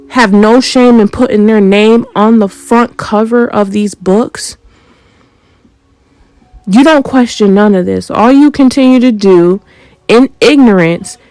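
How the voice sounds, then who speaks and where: Slow, confrontational woman preaching. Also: a little high, a little mellow, clean tone, no echo, poor audio. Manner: confrontational, rhetorical questions, emphatic. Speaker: spiritual channel host. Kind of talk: unscripted spiritual monologue.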